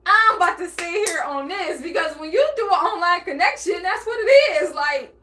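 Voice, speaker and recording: A woman's voice: very high voice, animated, moderate pace, sharp tone, slight background noise. A woman vlogger speaking in an emotional, blunt and profane personal monologue, acting out bits of dialogue. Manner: emotional, near tears and laughing by turns.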